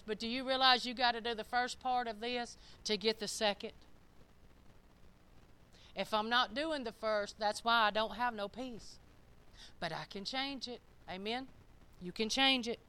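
An older woman preaching a sermon, reading scripture slowly and breaking into plain, folksy, emphatic commentary. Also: fairly high pitch, sharp tone, smooth.

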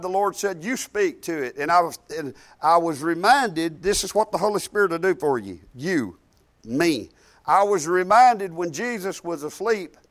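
A man preaching a sermon and telling a testimony, building up to emphatic, shouted lines. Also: sits high.

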